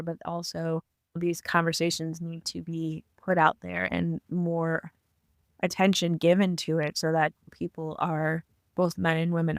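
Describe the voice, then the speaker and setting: A woman's voice: deep voice, gravelly, dry recording, studio quality. A woman co-hosting a podcast, speaking thoughtfully in long rambling sentences. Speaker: podcast co-host. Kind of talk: casual interview chat.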